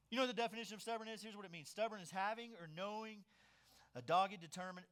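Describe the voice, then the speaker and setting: A man delivers a sermon as a pastor, his voice bright and slightly high for a man. He tells stories with animated swings, pushing up loud for emphasis and dropping low and quiet for asides.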